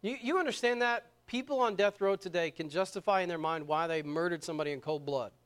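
A middle-aged man preaching a sermon in a church, moving between hushed, intimate stretches and loud, fervent ones. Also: sits high, fast talker, smooth. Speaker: pastor. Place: church sanctuary.

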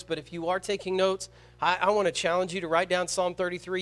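A man preaching a sermon to a congregation, asking the crowd rhetorical questions and swinging between loud emphatic stresses and quiet, slow scripture reading. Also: sits high, steady tone.

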